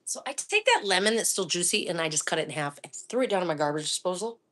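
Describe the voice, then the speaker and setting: A middle-aged woman from Florida hosts a live cooking stream from her home kitchen, her voice sitting on the lower side. She chats loosely and laughs often, now and then sinking into a soft half-whisper. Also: animated, quick pace. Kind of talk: casual chat while cooking.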